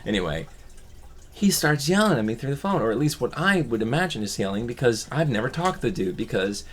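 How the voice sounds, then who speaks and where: A man's voice: mid-range voice, very animated, fairly quick, a little hiss or hum. A man vlogging a personal story from his childhood, reflective and rambling, often restarting his sentences.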